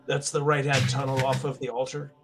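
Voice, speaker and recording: A man's voice: mid-range voice, completely flat delivery, a little fast, vocal fry, music in the background. A man playing a tabletop game, thinking out plans in a casual, practical way with some restarts. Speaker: player.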